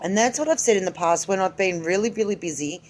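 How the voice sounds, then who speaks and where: A woman's voice: medium pitch, quick pace, a little mellow. A woman in her forties chats alone to her camera in a loose, rambling way. She often stops mid-thought, restarts, and speaks with plain candour and an easy lilt. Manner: rambling, self-interrupting, candid. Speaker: vlogger. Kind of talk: casual solo vlog chat.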